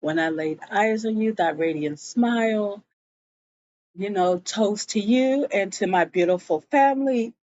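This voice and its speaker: Woman doing a tender husband toasting his wife, soft voice, slow delivery, muffled sound. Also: mid-range voice, no echo, natural voice. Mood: sentimental. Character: smooth-talking husband giving a tender toast.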